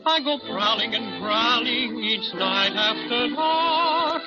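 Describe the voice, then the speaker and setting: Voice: mid-range voice, animated. A singer voicing a boastful singing teddy bear. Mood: boastful, playful. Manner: sung, slow, sing-song rhyming. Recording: dull lo-fi recording with loud music.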